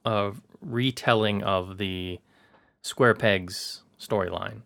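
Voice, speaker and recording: A man hosting a podcast, speaking in a relaxed way with hesitant fillers. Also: lowish voice, slow, creaky, no echo, clean studio sound. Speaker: podcast host. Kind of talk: casual podcast chat.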